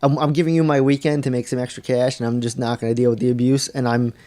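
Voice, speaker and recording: A man at medium pitch and a quick pace co-hosts a laid-back podcast. Swearing freely, he tells a story with animation, performing the dialogue himself.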